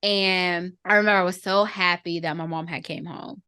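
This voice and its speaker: A woman in her thirties, with a lowish, fairly even, clean-toned voice, shares a personal family story in a podcast conversation. Reflective and earnest, she often slows to choose her words and holds back emotion, softening at tender moments. The studio-quality recording has no echo.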